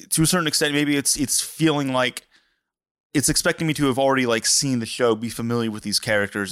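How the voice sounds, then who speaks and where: A man's voice: medium pitch, fairly bright tone, no room sound, clean studio sound. A man co-hosting a casual podcast chat, rambling and hedging with lots of restarts. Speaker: podcast co-host.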